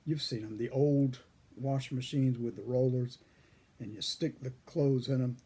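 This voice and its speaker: An older man telling a folksy childhood story, husky with a frog in his throat, chuckling often. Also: mid-range voice, fairly even intonation, moderate pace, warm tone. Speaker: pipe-smoking storyteller. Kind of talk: casual storytelling.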